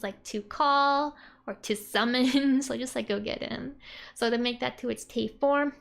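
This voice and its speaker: A young woman with a slightly high voice and a noticeably gravelly, creaky edge. She explains things in a relaxed, chatty way, filling her sentences with "like" and soft little laughs. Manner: chatty, says "like" often, laughs softly between points. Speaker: Japanese language teacher. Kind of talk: casual explanatory lesson.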